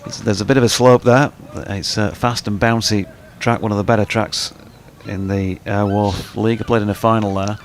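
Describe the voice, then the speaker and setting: A man's voice: on the low side, fairly even intonation, moderate pace, few pauses, slight background noise. A man co-commentating on a live cricket match, adding background and wry, dry stories alongside the play.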